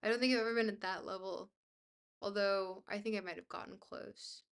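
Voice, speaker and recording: A woman streaming a book reading to her chat. She reads haltingly, trips over long words and breaks off into chatty asides to her viewers. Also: mid-range voice, fairly even intonation, vocal fry, clean tone. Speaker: livestreamer reading a book aloud.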